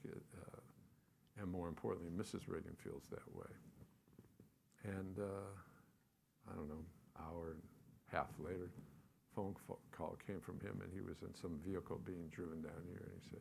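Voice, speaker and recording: Older man with a deep gravelly voice. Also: normal speed, a little hiss or hum. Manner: relaxed anecdotal, many fillers. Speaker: guest, television executive. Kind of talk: storytelling on stage. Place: stage before a live audience.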